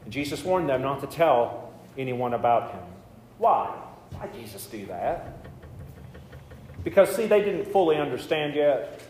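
A man's voice: mid-range voice, big pitch swings, normal speed, long pauses, a little mellow. Man, pastor, casual joking sermon, roomy reverb, faint background noise. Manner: conversational, joking asides. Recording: echoey hall with faint noise.

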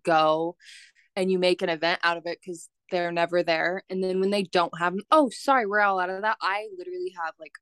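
A young woman co-hosting a podcast, her voice a little low and close to the mic with no room sound. She laughs often and swears casually as she chats. The talk stays relaxed and loose. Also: no room sound. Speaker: podcast co-host. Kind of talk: casual chat.

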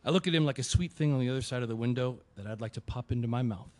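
An actor playing an ill man who talks quietly and wryly about his guilt. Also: mid-range voice, very fast, close to an everyday voice. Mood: subdued. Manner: quiet, subdued, self-deprecating. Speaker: Ben, the sick man. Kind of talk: audio drama acting, inner monologue.

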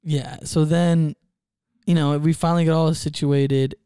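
This podcast co-host is a man in his 20s with a slightly high, clear, resonant voice and a slightly slow pace, recorded in studio quality with no echo. Telling a story on the casual show, he animatedly acts out other people's quotes.

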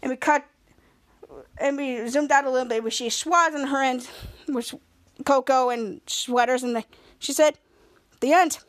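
A young woman hosting a podcast, excitedly recapping a TV episode and acting out the characters' lines in playful voices. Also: high-pitched, moderate pace, pauses often. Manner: excited, rambling, acts out quotes in playful voices. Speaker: podcast host.

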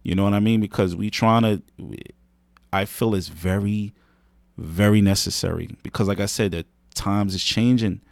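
A man's voice: lowish voice, normal speed, gravelly, a little mellow, no room sound. A man co-hosting a podcast, giving earnest advice in a casual chat, often repeating himself and saying "man" and "you know what I mean". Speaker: podcast co-host.

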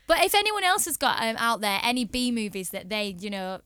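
English woman, slightly high voice, eager chatty podcast co-host, dry mic. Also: sing-song, a little fast, sharp tone, smooth, no echo. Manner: enthusiastic, chatty, laughs often. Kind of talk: casual chat.

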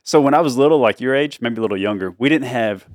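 A man's voice: medium pitch, quick pace, no room sound, studio quality. A middle-aged man, a dad hosting a family chat show, telling stories in an easygoing way and laughing often. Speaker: dad and podcast host.

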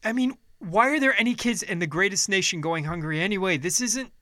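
A man, upset and frustrated, rants with a high, sharp voice, full of swearing and broken-off restarts. His tone stays heated and indignant throughout. The sound is dry and close. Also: animated, a little fast, no echo. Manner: heated, profane, restarting sentences. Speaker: vlogger. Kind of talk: angry political rant.

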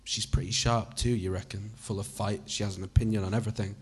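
A man's voice: lowish voice, fairly even intonation, fast, husky. A man reading a story aloud in the second person, in a conversational style with casual swearing. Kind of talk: audiobook reading.

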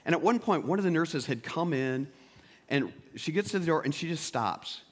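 A man preaching a sermon as pastor, swinging between loud emphatic peaks and quiet, intimate asides. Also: a little high, lively intonation, normal speed.

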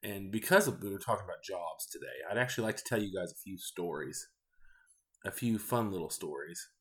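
A man with a fairly low voice tells offhand stories in a loose, rambling way. His pitch rises and falls a lot as he goes. He sounds deadpan and candid, a podcast host in his thirties. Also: a little fast. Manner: candid, rambling, deadpan about odd customers. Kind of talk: casual storytelling monologue.

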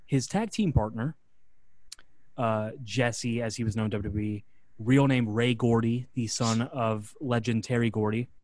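A man hosting a podcast, telling a story in a relaxed way with fillers and recapping a match. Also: mid-range voice, measured pace, no echo. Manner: relaxed, with fillers, acts out quotes. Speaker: podcast host.

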